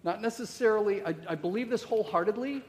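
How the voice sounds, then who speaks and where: A middle-aged pastor with a high voice delivers a sermon in a church, and a long hall reverb trails after his words. He keeps it loose and conversational, piling up rhetorical questions and quick "okay?" check-ins.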